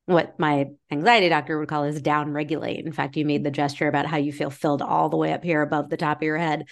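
A woman's voice: low voice, level tone, fast talker, gravelly, few pauses. A woman in her forties, a guest author speaking candidly and bluntly in a conversational podcast interview, with many "like"s and "you know"s.

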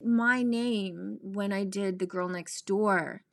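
A woman actress telling stories as a podcast guest, animated and laughing, acting out the voices of people she quotes. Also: medium pitch, slow pace, gravelly, no echo, clean studio sound. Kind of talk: casual storytelling interview.

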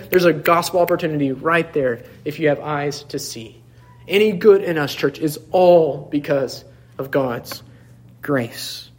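A young man preaching a sermon as pastor, earnest and emphatic, with frequent restarts and self-deprecating asides, calling out to his church. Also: fairly high pitch.

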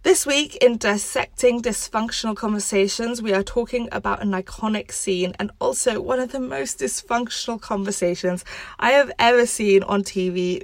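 A woman's voice: medium pitch, no echo. A woman hosting a show, giving relationship advice in a direct, analytical and firm way. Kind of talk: explanatory advice commentary.

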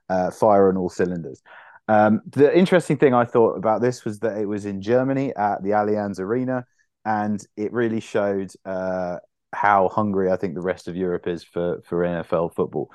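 Rambling man, lowish dry voice. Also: darkish tone, no room sound. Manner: rambling with frequent restarts and swearing. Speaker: podcast co-host. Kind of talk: casual sports chat.

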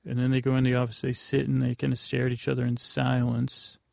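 A man's voice: mid-range voice, completely flat delivery, quick pace, creaky, a little mellow, no echo, clean studio sound. A man hosting a podcast, recapping a TV episode in a rambling, offhand way and correcting himself as he goes. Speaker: podcast host.

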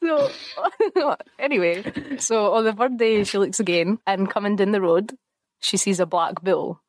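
A woman's voice: medium pitch, unhurried, no echo. A young woman retelling a folktale in casual chat, laughing often and adding playful asides. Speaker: podcast co-host.

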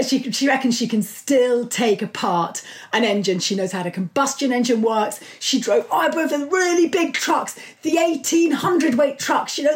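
A middle-aged woman being interviewed about her book, telling stories with lively enthusiasm. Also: a little high. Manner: enthusiastic, animated storytelling. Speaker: author and guest. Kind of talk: conversational interview.

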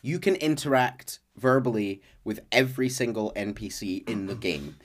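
A man's voice: fairly low pitch, expressive, moderate pace. A man hosting a podcast, recapping a video game's story in a chatty, casual way with fillers. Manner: chatty with frequent fillers and laughs. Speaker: podcast host. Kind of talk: casual lore recap chat.

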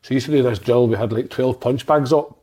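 A man's voice: medium pitch, fast talker, warm tone. A man, a former footballer swapping rambling, profane stories on a podcast. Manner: profane, rambling anecdotes with restarts. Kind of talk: casual podcast storytelling.

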